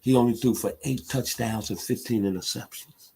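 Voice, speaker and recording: A man's voice: medium pitch, fairly even intonation, normal speed, vocal fry, slightly rough. A middle-aged man from Memphis, hosting a sports talk radio show in an impassioned, emphatic monologue. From Memphis, Tennessee. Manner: impassioned, emphatic, builds to loud peaks.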